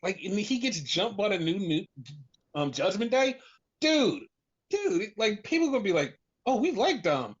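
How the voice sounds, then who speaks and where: Very animated and high-voiced, this podcast co-host talks at normal speed in a loose, rambling chat. He swears, says "like" a lot and acts out what others would say, and the recording is dull and lo-fi.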